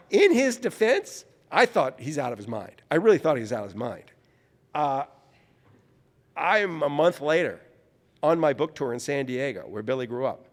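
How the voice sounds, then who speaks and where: As an interview guest, a male writer from New Orleans tells animated anecdotes, his voice ranging widely in pitch as he warms to each tale. He repeatedly backtracks to rephrase himself, and the room holds a long reverb.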